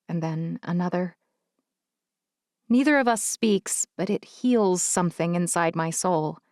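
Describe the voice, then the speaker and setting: A woman's voice: fairly low pitch, darkish tone, no echo, clean studio sound. A woman reading a romance novel in first person, with intimate, emotional storytelling. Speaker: audiobook narrator. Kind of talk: first-person audiobook narration.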